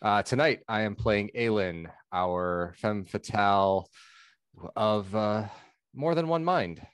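Man, low voice, tabletop player, casual, hesitant, musing. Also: no room sound, studio quality. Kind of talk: casual chat on a game stream.

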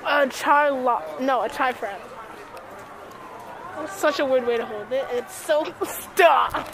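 A woman's voice: high voice, slow pace. A young woman vlogging on a phone while shopping in a busy mall, giggly and teasing. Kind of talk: casual chat while shopping. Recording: crowd chatter behind.

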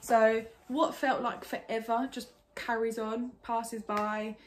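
A woman's voice: on the high side, slow pace, a little hiss or hum. A young woman from England telling a personal story in a casual, candid way, full of "like". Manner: chatty, lots of "like", candid and animated. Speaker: vlogger.

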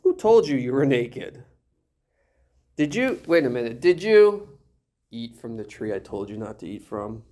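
A preacher voicing God, patient and coaxing. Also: male voice, mid-range voice, unhurried, pauses often. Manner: calm, coaxing questions. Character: patient God questioning a guilty man.

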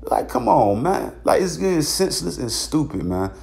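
A man's voice: a little high, sing-song, normal speed, vocal fry, darkish tone. A man, ranting bluntly in a heated, profane vlog commentary. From Virginia, USA. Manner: repeats filler tags. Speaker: vlogger. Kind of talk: angry commentary monologue.

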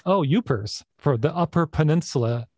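A man's voice: fairly high pitch, expressive, normal speed, a little mellow, dry recording. A middle-aged man hosting an interview in a casual, reflective way, laughing often. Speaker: podcast host.

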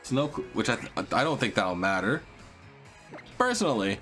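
A man hosting a video game let's play, excitable and slangy, cursing and talking to his viewers. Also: lowish voice, moderate pace, soft background music. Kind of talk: casual gameplay commentary.

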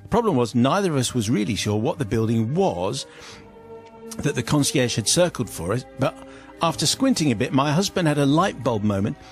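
A British man, a radio host, reads a listener's comic story aloud with lively, amused delivery and playful quoted voices. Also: medium pitch, normal speed, faint music behind.

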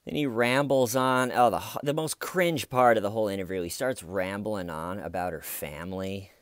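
A man's voice: lowish voice, moderate pace, clean tone, dry recording, clean studio sound. A man giving casual, sarcastic commentary on a YouTube video, joking and conversational. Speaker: YouTube true-crime commentator.

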